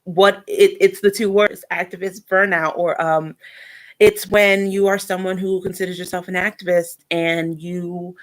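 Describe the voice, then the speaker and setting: A young adult woman talking in a casual personal vlog, reflective and earnest, often pausing and restarting. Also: on the low side, level tone. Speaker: vlogger.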